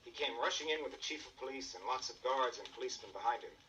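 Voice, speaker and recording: Bright male storyteller on an old record. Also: medium pitch, fast talker, distant mic, slight background noise, low-quality recording. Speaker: narrator.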